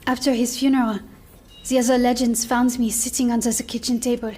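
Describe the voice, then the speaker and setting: A woman's voice: fairly high pitch, level tone, a little fast, a little mellow, a little hiss or hum, lightly acted. An actress playing a kind, earnest young woman who is hesitant and sincere, in a game cinematic. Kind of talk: video game cinematic drama.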